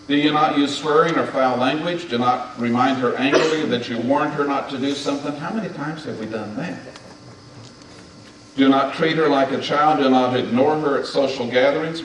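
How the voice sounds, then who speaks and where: A man in his seventies speaking at a marriage conference, delivering a sermon-style talk to husbands and hammering home his points with repeated commands. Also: medium pitch. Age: 70s. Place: large conference hall. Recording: very echoey hall, distant mic, faint hiss.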